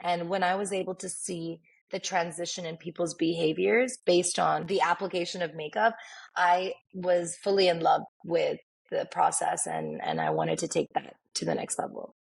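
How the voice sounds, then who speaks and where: A woman, a makeup artist, chatting as an interview guest and telling animated stories, acting out quoted dialogue. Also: fairly low pitch, moderate pace, creaky, breathy edge. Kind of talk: casual interview storytelling.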